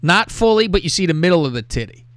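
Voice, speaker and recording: A man hosting a casual show, telling a crude story in a lively, profane way and reading out text messages. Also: high-pitched, quick pace, no echo. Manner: animated, profane, reads out texts with laughter. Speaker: podcast host.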